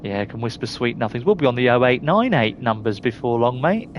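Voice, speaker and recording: A man's voice: mid-range voice, very animated, a little fast, a little hiss or hum. A middle-aged man with a Surrey accent, chatting casually to viewers while live-streaming a game, reading out their names and laughing often. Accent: Surrey English. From England.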